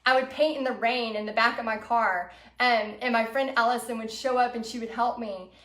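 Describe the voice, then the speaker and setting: High-voiced woman telling a lively story. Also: fairly quick, reverberant. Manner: expressive, acts out her own past thoughts, laughs easily. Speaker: painting instructor. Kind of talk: personal storytelling to viewers.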